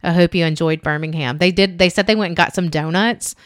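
Lady chatting on a podcast, kinda low voice, says like a lot, rambles through stories. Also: a little fast, dry recording, clean studio sound. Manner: rambling, chatty, heavy use of "like", acts out quotes. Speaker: podcast co-host. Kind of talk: casual chat, storytelling.

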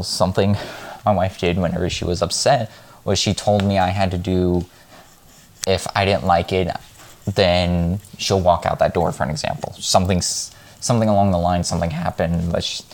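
Low-voiced man, blunt and rambling, venting straight to camera in a casual vlog. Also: little pitch movement, normal speed. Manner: frank, rambling, heated. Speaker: vlogger. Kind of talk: casual monologue.

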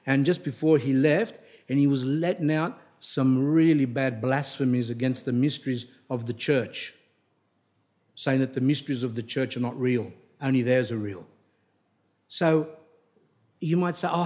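A man's voice: medium pitch, a little mellow. A middle-aged man giving a religious talk, telling stories in a digressive way and often restarting his sentences, turning blunt and emphatic when he scolds. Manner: digressive, anecdotal, with frequent restarts. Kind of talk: rambling spoken religious talk.

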